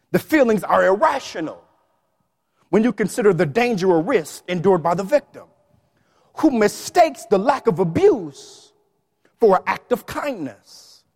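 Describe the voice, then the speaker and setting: Man, preacher, high voice, animated sermon, playful asides, reverberant hall.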